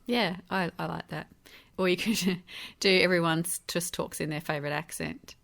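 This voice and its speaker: Low gravelly-voiced woman telling family anecdotes. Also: steady tone, fairly bright tone. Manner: laughing, anecdotal, quick asides. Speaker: podcast co-host. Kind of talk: casual chat.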